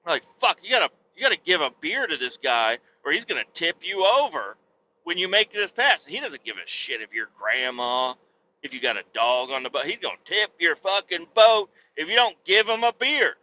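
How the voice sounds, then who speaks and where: Sharp-voiced, profane rambling man. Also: fairly high pitch, sing-song, normal speed, lo-fi sound, slight background noise. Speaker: podcast host. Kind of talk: rambling comedic storytelling.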